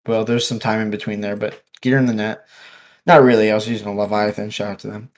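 A man in relaxed conversation, telling a long fishing story with lots of "like" and "dude" and frequent laughs. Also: lowish voice, fast talker. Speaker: podcast guest angler. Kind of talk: casual storytelling chat. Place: office.

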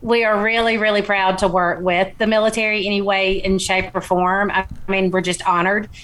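A woman's voice: mid-range voice, level tone, normal speed, fairly bright tone. A woman, a small-business founder, talking eagerly and upbeat as an interview guest. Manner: upbeat and eager, laughs easily. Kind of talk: casual interview talk.

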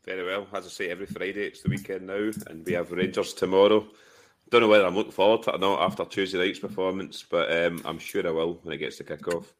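A man's voice: low-pitched, steady tone, fast talker. A man chatting on a football podcast as a panelist, wry and self-deprecating. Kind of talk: casual podcast chat.

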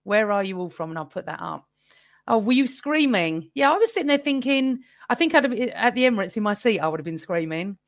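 With a medium-pitched, lively and brisk voice, a woman hosts a solo live fan podcast, chatting casually and reading viewers' comments aloud. The sound is studio quality, without echo.

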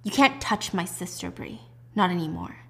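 A woman voicing a ruthless male boss of an assassin firm, talking in cold, clipped threats with her voice pulled low. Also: animated, moderate pace, vocal fry, fairly bright tone. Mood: menacing.

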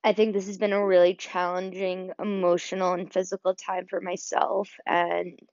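A young woman with a lowish, darkish voice and little pitch movement hosts a solo podcast at a moderate pace. Her casual talk is full of fillers and becomes emotional, sometimes choked up. The audio is dry and dull.

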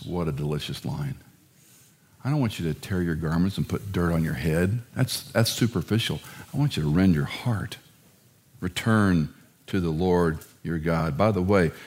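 A middle-aged man preaching a sermon, animated and self-deprecating, who acts out family quarrels and scripture. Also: low-pitched. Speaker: pastor.

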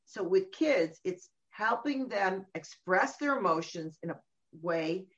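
A middle-aged woman talking about parenting in a casual conversation, animated and often acting out what other people say. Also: medium pitch, slow pace, a little hiss or hum. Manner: animated, acts out quoted voices. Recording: dull lo-fi recording.

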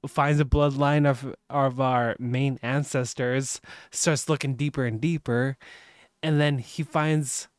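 A man's voice: mid-range voice, fairly even intonation, takes it slowly, clean tone, dry recording, clean studio sound. A man co-hosting a casual podcast, telling rambling, profane stories and laughing a lot. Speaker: podcast co-host. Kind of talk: casual chat.

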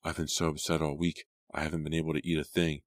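A man reading aloud who voices a grieving teenage girl in an audiobook, soft and sighing. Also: rumbling low, flat delivery, fast, no echo, clean studio sound. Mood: weary.

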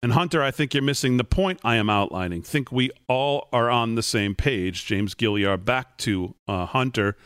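A man hosts a political talk show, reading messages aloud and walking through a numbered list of points. His voice is mid-pitched, and the sound is dry and close. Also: expressive, moderate pace, hardly any pauses, a bit bright, smooth, no echo. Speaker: host. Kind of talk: political commentary.

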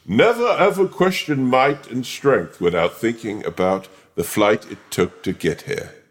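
A man voicing a wise old oak tree, speaking slowly and solemnly. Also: mid-range voice, expressive, roomy sound, voice pushed up, close to an everyday voice.

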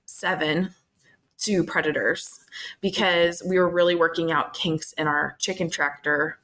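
A woman's voice: low-pitched, fairly even intonation, measured pace, a bit bright, rough recording. A woman co-hosting a podcast in casual chat, talking in a chatty, reflective way with many fillers. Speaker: podcast co-host.

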